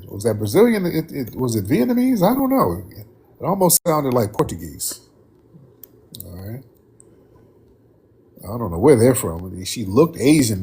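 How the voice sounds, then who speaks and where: A man with a slightly husky voice hosts a live call-in stream. He talks in a loose, drawling way, addressing the room and his viewers casually. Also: mid-range voice, a little mellow. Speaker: host.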